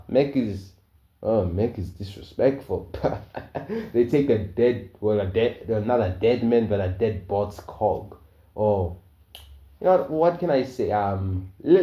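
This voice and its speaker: A man's voice: fairly low pitch, mellow. A young man casually narrating a fan-made story, rambling and hesitant with many fillers. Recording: dull, roomy home recording.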